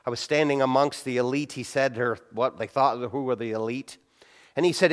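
A man's voice: mid-range voice, brisk. A middle-aged male pastor giving a conversational sermon on prayer, acting out short quotes as he tells stories. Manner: conversational preaching with acted-out quotes.

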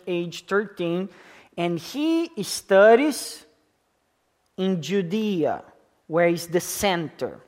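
A man in his thirties preaching slowly and deliberately to his congregation, with a foreign accent from speaking English as a second language. He leans on key words, repeats them, and checks in with the listeners as he goes. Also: high voice. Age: 30s. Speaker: pastor. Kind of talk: sermon.

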